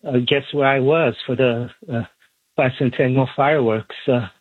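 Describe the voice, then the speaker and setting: A man's voice: medium pitch, steady tone, moderate pace, husky, dry recording. A man calling in to a radio talk show, rambling with many fillers and restarts. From Iran. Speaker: caller. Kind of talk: phone-in call on talk radio. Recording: tinny phone line.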